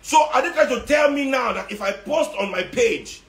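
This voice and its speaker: Nigerian man, high voice, ranting monologue, sarcastic, roomy echo. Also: animated, normal speed. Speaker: social media commentator. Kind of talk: impassioned monologue. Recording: echoey room.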